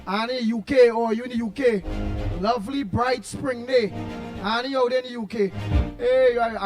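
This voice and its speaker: A man with a Trinidadian accent hosting a call-in talk show, reading out listener comments in an animated way and bursting into shouts. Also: very high-pitched, normal speed, over music. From Trinidad and Tobago. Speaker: radio talk show host.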